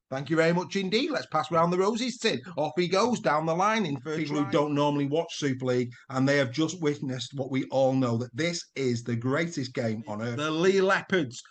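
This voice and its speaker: A man giving a comic, theatrical rugby league review, gushing and shouting the punchlines. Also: on the high side. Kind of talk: comic match review commentary.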